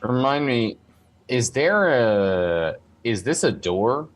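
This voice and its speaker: A man playing a tabletop game, asking the game master questions in a halting, casual way. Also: mid-range voice, very animated. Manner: asks questions, halting restarts. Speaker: player.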